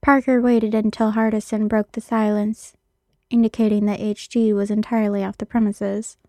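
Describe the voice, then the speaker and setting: A woman narrating a piece of fan fiction with steady storytelling. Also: medium pitch, moderate pace, no room sound. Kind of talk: reading fan fiction aloud.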